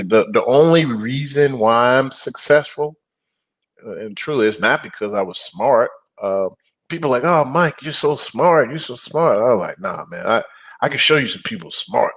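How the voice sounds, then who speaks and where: A middle-aged man talking casually as a guest, an animated storyteller who acts out quotes and growls for emphasis. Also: on the low side. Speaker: guest, apartment investor. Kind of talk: casual interview talk.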